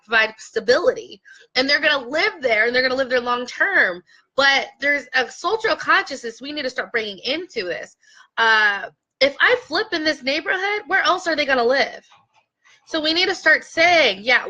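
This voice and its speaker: A woman's voice: sits high, lively intonation, normal speed, pushed and bright, low-quality recording. A woman real estate investor coaching her viewers in an earnest, impassioned talk, at times close to tears. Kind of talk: heartfelt direct-to-camera talk.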